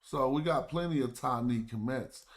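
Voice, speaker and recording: A man speaks in at a mid pitch, hosting his own livestream in a loose, casual way. He thinks aloud as he reads, sounding out words slowly and drawing them out. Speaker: livestream host. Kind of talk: casual livestream study talk.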